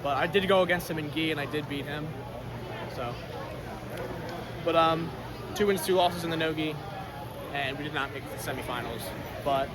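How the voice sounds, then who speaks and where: A man's voice: fairly high pitch, moderate pace, pauses often, a crowd in the background. A young man talking to camera as a vlogger, drained and tired, rambling with lots of fillers. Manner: rambling, filler-heavy, slangy. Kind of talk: casual talk to camera.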